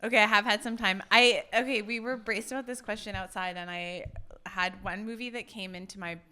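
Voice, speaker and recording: Bright, giggly woman actor guest. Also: mid-range voice, fairly even intonation, brisk, clear, resonant tone. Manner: self-deprecating, giggly. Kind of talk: casual interview chat.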